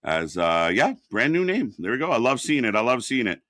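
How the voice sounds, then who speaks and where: A man in a mid-range voice chats casually on a live wrestling stream. He backs up his co-host with quick agreements and explains the viewers' points game. The sound is dry and close. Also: medium pitch, sing-song, fairly bright tone, dry recording. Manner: agreeable, backs up co-host with short replies, runs chat points contest.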